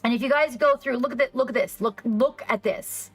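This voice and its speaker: A woman hosting a casual livestream, rambling excitedly and reacting to her chat. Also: on the high side, brisk, hardly any pauses, slightly rough, low-quality recording. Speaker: livestream host. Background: faint background music.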